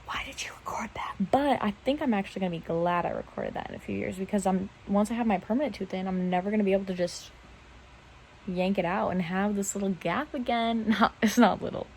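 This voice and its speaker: A woman's voice: mid-range voice, very animated, quick pace, creaky, a little mellow, slight background noise, low-quality recording. A young woman chatting casually into her phone camera in bed at night, rambling and laughing at herself. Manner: rambling, self-mocking, giggly. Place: bedroom at night.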